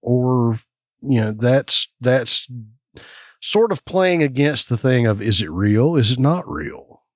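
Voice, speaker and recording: A man's voice: medium pitch, expressive, slow, dry recording, studio quality. A man co-hosting a casual podcast, speculating and musing aloud. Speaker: podcast co-host.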